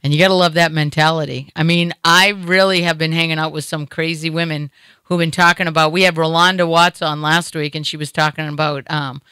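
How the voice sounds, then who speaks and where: A woman's voice: low-pitched, steady tone, fairly quick, bright, forceful tone, smooth, no echo. A middle-aged woman with a Boston accent hosting a comedy talk show in a studio, chatty and joking, rambling with fillers. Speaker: radio show host. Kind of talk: casual comedic chat.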